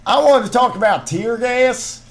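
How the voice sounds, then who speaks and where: A man's voice: very high-pitched, a little slow. A man co-hosting a podcast, ranting in casual chat while hamming up a put-on Southern twang, riffing and repeating himself with some profanity. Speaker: podcast co-host.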